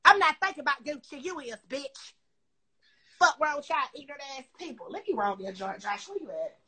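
A social media personality rants angrily on a phone live stream, confronting her critics with nonstop cursing and repetition. Her high voice is bright and forceful, with lively intonation and a slightly fast pace. The talk is heated and confrontational.

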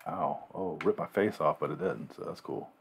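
A man's voice: a bass voice, moderate pace, gravelly, slight background noise. A man casually commenting on the game he is playing, mumbling and thinking aloud to himself. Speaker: gamer playing a game on video.

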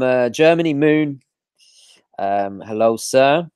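A man hosting a live stream, greeting viewers from the chat in a relaxed way with frequent ums and restarts. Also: medium pitch, takes it slowly, smooth, no echo, studio quality. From London. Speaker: watch channel host.

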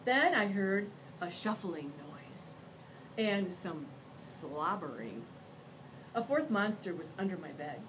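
A woman teacher reading a picture book aloud with expressive storytelling. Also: fairly low pitch, slow, a little hiss or hum, rough recording.

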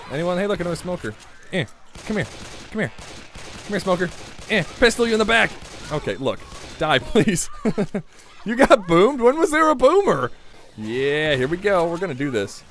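A young man with a slightly higher voice talks his way through a shooter match in loose, joking commentary. He rambles, mutters to himself and keeps up a running patter while he plays. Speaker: gaming YouTuber. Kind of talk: casual gameplay commentary.

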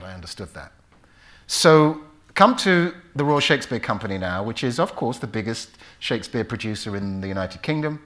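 A British actor giving an anecdotal talk to an audience, animated, acting out voices and reciting verse as he tells stories. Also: on the low side. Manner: animated storyteller who acts out voices and recites Shakespeare. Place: lecture hall before a live audience.

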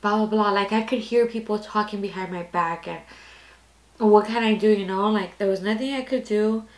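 A woman's voice: medium pitch, normal speed. Candid young woman telling a story. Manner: candid, rambling, heavy use of "like". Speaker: storytime vlogger. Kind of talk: casual personal storytelling. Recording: echoey room.

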